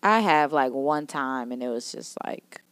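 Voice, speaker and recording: A woman's voice: a bass voice, expressive, measured pace, no room sound. A woman co-hosting a podcast in a studio, chatting casually and giving blunt opinions with lots of filler words. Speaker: podcast co-host. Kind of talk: casual chat.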